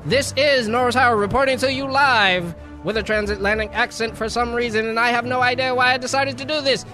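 A man's voice: extremely high pitch, a little fast, pushed and bright, soft background music. A man putting on a mock-formal old-time newsreader voice with a transatlantic accent, in a studio. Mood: pompous. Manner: mock-formal announcer delivery.

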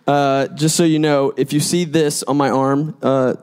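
A man in his thirties preaching to a crowd in a loose, joking way, full of fillers and self-deprecating asides. His voice sits a bit high for a man. The tone is smooth and resonant. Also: flat delivery, unhurried, a little mellow. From Georgia, United States. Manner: chatty and self-deprecating, many fillers and laughs. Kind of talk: humorous sermon to a live crowd.

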